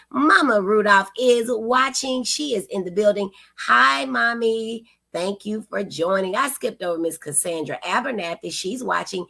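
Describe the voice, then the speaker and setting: A woman's voice: fairly high pitch, vocal fry, pushed and bright. Effusive woman hosting a livestream. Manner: effusive, greets viewers by name, calls them honey and girl. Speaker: livestream host. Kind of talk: casual livestream greeting viewers.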